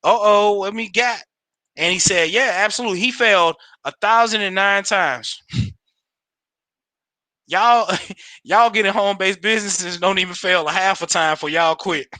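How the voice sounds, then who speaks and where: Bright, high-voiced man hyping his livestream. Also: a little slow, pauses often, no room sound. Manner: animated and slangy, laughs often. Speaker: home business promoter on a livestream. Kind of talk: casual livestream pep talk.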